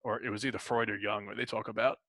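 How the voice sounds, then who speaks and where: A man hosts a relaxed interview, talking loosely and cursing casually. His voice is bright and gravelly, and the recording is dry and close. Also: on the low side, fast, no room sound. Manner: loose, swears casually, laughs often.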